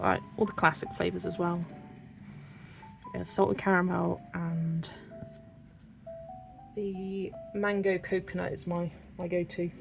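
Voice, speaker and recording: Chatty British woman, slightly gravelly. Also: lowish voice. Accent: British English. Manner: chatty, giggly, reads out viewer comments. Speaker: colouring channel host. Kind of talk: casual livestream chat while colouring.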